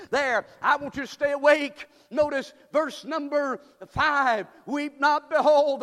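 Pastor, man, very high-pitched, fervent sermon delivery, reverberant church hall. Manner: fervent preaching, swelling to shouts. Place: church sanctuary. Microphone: church PA microphone.

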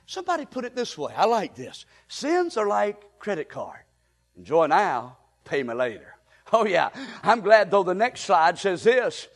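A pastor delivering a fervent sermon, often breaking into shouts. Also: male voice, high voice, huge pitch swings, normal speed. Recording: long reverb of a large hall.

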